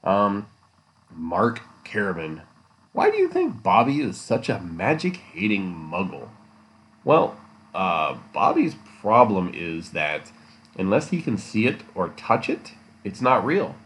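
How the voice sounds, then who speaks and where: Man, podcast host, low voice, rambling casual monologue, joking and teasing. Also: wildly swooping pitch, slow pace, fairly bright tone.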